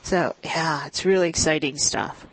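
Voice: mid-range voice, unhurried, a bit bright, breathy edge, low-quality recording. A podcast guest chatting casually and enthusiastically. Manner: enthusiastic, laughs often. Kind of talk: casual chat.

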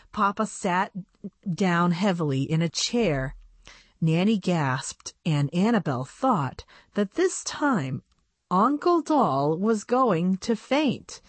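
Woman reader for a radio reading service; expressive storybook delivery with a lively, varied tone. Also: fairly low pitch, takes it slowly, no echo. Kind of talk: reading a children's book aloud.

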